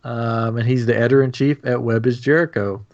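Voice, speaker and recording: Man co-host, casual storyteller, mid pitch, slightly muffled stream sound. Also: fairly even intonation, a little fast, a little mellow. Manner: chatty storyteller, laughs often. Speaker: podcast co-host. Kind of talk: casual chat.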